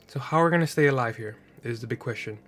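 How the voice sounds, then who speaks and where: Male streamer, mid-pitched, slightly nasal from allergies, chatty and filler-heavy, soft background music. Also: quick pace. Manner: chatty, thinking aloud, frequent fillers and rhetorical "right?". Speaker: streamer building a card game deck. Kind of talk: casual gameplay commentary.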